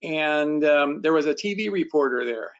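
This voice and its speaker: A man on a webinar panel answering a question with an animated anecdote full of filler ums, over a video call. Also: a little high, moderate pace, highs cut off. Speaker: panelist, cruise recruiter.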